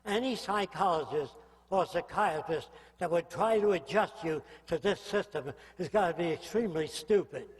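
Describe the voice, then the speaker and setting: An older man delivers a public lecture in a blunt, provocative way, often pausing to ask his listeners whether they follow. His voice sits high for a man. Long reverb from the hall trails behind his words.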